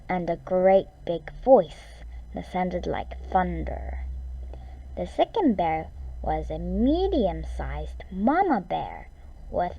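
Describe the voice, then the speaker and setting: A woman reading a children's fairy tale aloud, expressive, with some lines dropped to a whisper. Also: lowish voice. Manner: slow, expressive read-aloud with whispered asides. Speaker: storyteller. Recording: dull lo-fi recording.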